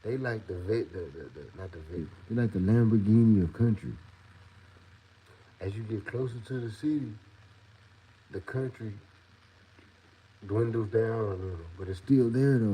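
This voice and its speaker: A man's voice: lowish voice, normal speed, long pauses, mellow, slightly rough. A man from the Southern United States with a Southern accent, ranting casually and profanely, rambling and repeating himself. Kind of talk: casual rant. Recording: dull lo-fi audio with faint noise.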